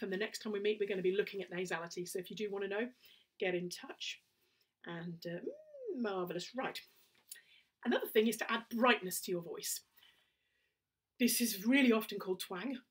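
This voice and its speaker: A woman's voice: mid-range voice, recorded from a distance. A woman with a southern English accent, a singing teacher giving a casual spoken lesson, chatty and prone to little laughing asides. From England.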